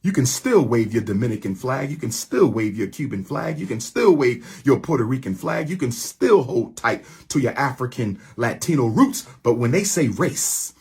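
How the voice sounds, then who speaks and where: Husky-voiced male activist, rousing and repetitive delivery, mid-range pitch. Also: very animated, normal speed, few pauses, darkish tone. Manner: preachy, repetitive call-and-response phrasing. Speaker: activist speaker addressing his followers. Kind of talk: impassioned rallying address.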